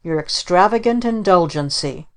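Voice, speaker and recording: A woman reading the part of a teasing, blustery gentleman uncle in a storybook, asking sharp mocking questions. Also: on the low side, expressive, moderate pace, natural voice. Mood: grand.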